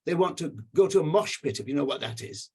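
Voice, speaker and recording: A man's voice: a little high, lively intonation, fast talker, darkish tone, slightly rough. An older man on a video call giving emotional, indignant remarks with emphatic repetition. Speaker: panel commenter.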